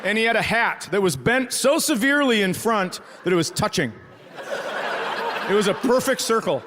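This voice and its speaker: A man's voice: high voice, animated, normal speed. A man doing a stand-up comedy set, telling a story with profane, incredulous asides and quoted voices. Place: theater stage before a live audience. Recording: live stage mic, crowd noise. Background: audience laughter.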